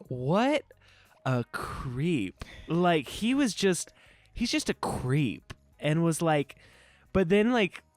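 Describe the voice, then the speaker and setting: A man co-hosting a podcast in casual chat, animated, laughing often and acting out quotes. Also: on the high side, no echo. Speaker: podcast co-host.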